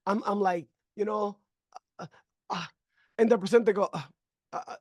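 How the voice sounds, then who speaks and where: A man's voice: high-pitched, fairly even intonation, moderate pace, pauses often, a little mellow, dry recording. A man giving an emotional, faith-filled personal testimony, acting out conversations and stumbling over fillers as he tells his story. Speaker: member sharing a testimonial.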